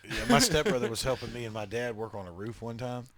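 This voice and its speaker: Brief: male podcast co-host, mid-pitched, swears freely, acts out the voices in his stories. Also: fast talker, a crowd in the background. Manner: profane, animated storytelling with acted-out voices. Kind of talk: casual chat.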